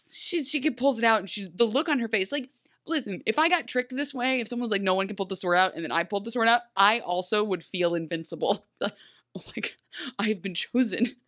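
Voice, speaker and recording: Animated woman in a dry room. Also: medium pitch, a little fast, no echo. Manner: animated, laughing, acts out characters' lines. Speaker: podcast co-host. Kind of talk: casual recap chat.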